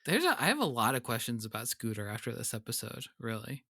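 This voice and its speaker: A man co-hosting a podcast in casual chat, laughing often and tossing in quick wry asides. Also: mid-range voice, very animated, gravelly, sharp tone, dry recording, clean studio sound. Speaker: podcast co-host.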